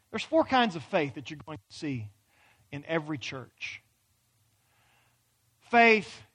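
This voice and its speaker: A man preaching a sermon in a church, acting out pleading prayers and swinging from loud, urgent questions to hushed near-whispers. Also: high voice. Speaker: pastor. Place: church hall.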